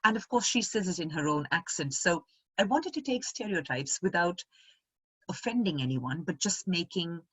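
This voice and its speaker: Woman, middle-aged, husky, expressive, guest, dry sound. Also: fairly low pitch, normal speed, dry recording. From India. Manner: animated, expressive storyteller. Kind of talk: casual conversation.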